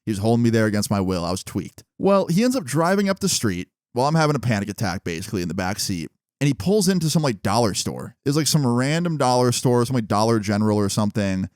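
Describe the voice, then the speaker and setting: A young man tells a storytime in an animated, exasperated way, swearing freely. His voice sits at a middling pitch, and the recording is dry and close. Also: quick pace, few pauses, no room sound. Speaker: vlogger. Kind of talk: casual storytime.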